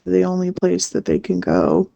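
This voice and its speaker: A woman's voice: on the low side, little pitch movement, moderate pace, creaky, warm tone, dry recording, highs cut off. A woman co-hosting a podcast, chatting casually and adding thoughtful comments. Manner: thoughtful, chimes in with short replies. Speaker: podcast co-host. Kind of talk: casual chat.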